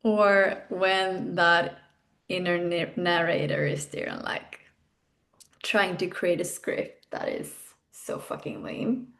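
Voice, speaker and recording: A woman's voice: lowish voice, slow, vocal fry, fairly bright tone. A woman hosting a podcast, guiding a self-development exercise in an intimate, frank way, swearing casually. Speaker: podcast host and coach.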